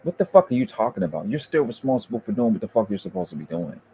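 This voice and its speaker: A man hosting a debate review, ranting in heated, profane commentary that berates and swings up into shouting. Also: fairly low pitch, sing-song, fast talker, a little hiss or hum.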